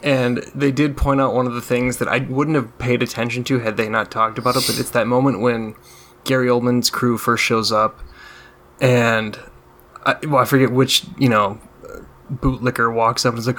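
A man's voice: mid-range voice, flat delivery, normal speed, fairly bright tone. A man co-hosting a podcast in casual chat, telling a wry, amused anecdote about a movie. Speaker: podcast co-host reviewing a movie.

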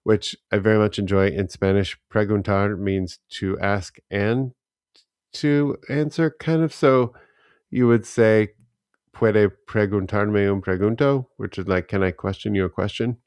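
Male podcast co-host, low voice, deliberate storyteller, dry booth. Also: a little mellow, clear, resonant tone, no room sound. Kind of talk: casual chat.

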